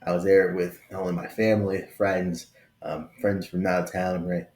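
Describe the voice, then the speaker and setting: A man's voice: low-pitched, flat delivery, moderate pace, darkish tone, roomy sound. A man around thirty hosting a casual tech vlog, talking openly and conversationally and often checking in with "right?". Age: late 20s to early 30s. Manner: conversational, keeps adding "right?", affectionate and open. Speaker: tech video host.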